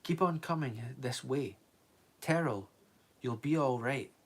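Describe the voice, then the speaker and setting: A man's voice: mid-range voice, takes it slowly. A man plays an exhausted, desperate gunman whose voice comes out ragged and snarling. He barks short, curt orders in a storybook reading. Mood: wary.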